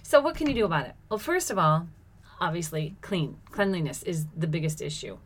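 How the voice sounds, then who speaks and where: A woman's voice: lowish voice, expressive, fairly quick, slightly rough. A middle-aged woman telling a personal story in a casual monologue, laughing often and exclaiming as she acts out what people said.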